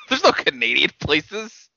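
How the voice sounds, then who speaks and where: Male co-host, dry plot recapper, bright voice, muffled lo-fi sound. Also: a little high, huge pitch swings, takes it slowly, vocal fry, dry recording. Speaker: podcast co-host. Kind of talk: casual movie chat.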